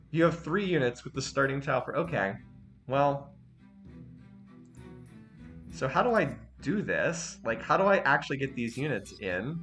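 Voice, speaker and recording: A man commentating his strategy game as he plays, halting and repeating himself when frustrated. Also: mid-range voice, very animated, a bit bright, faint music behind. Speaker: game streamer. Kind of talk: let's play commentary.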